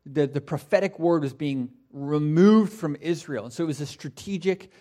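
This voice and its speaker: A man preaching a sermon in a conversational way, with casual asides and animated retellings. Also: a little high, moderate pace. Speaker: pastor.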